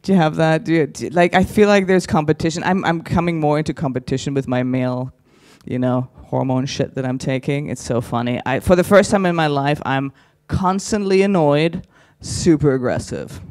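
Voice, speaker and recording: A man's voice: a little high, fairly even intonation, moderate pace, hardly any pauses, darkish tone, clean tone, dry recording, studio quality. A man doing stand-up on a conference stage, teasing the audience with crude, chatty crowd work. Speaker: stand-up comedian.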